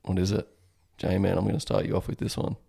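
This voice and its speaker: A man co-hosting a comedy podcast and running a quiz segment, deadpan and hesitant. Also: sits low, brisk, gravelly, husky.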